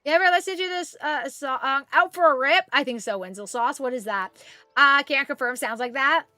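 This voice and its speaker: High, bright-voiced chatty woman streamer. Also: normal speed, dry recording, soft background music. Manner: chatty, greets viewers, baby talk to her pet. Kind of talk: casual live-stream chat.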